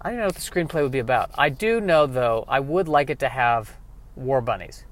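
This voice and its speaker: A man riffing through a rambling comedic monologue, self-mocking, dropping quiet and then bursting louder. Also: medium pitch, lively intonation, fairly quick.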